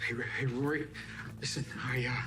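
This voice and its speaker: A man's voice: mid-range voice, steady tone, lightly acted. A man playing a guilt-torn young cop. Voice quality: strained, halting. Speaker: police officer. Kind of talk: film drama acting. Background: film score music.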